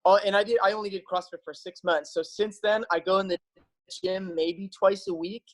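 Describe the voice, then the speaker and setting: Speaking briskly in a high, fairly bright voice with fairly even intonation, a male health practitioner addresses his viewers on camera. He's casual, eager, upbeat and persuasive, using frequent fillers, and the audio quality is poor.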